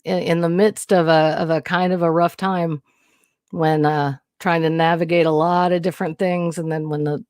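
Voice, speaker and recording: On a new studio mic with clean, roomless studio sound, a woman hosts a casual livestream, her voice on the low side, clear and resonant, a little mellow. She speaks at a moderate pace in a flat delivery, yet she's nervous and emotional, rambling candidly with frequent restarts and swearing.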